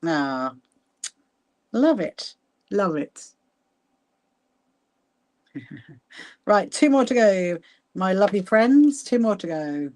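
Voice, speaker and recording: A woman hosting a casual sewing livestream, chatting warmly with viewers by name and laughing often as she works. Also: mid-range voice, big pitch swings, slow, pauses often. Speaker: livestream host. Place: sewing room at home.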